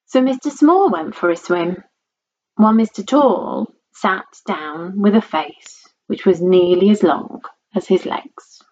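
A woman reading a children's storybook aloud in a playful, expressive way. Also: medium pitch, slow. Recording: dull lo-fi recording.

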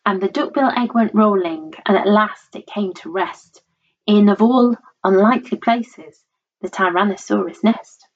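Slow, rhythmic woman reading a picture book. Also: medium pitch. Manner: measured, rhythmic delivery. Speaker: storyteller. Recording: dull lo-fi recording.

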